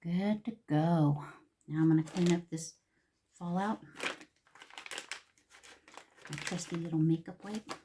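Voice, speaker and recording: A woman talks her way through a makeup look in a relaxed, chatty tutorial. Her voice sits a little low for a woman, and she often drops to a near whisper mid-thought before coming back up. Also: moderate pace, a little hiss or hum. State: a little out of breath. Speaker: makeup vlogger. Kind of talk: casual makeup tutorial chat.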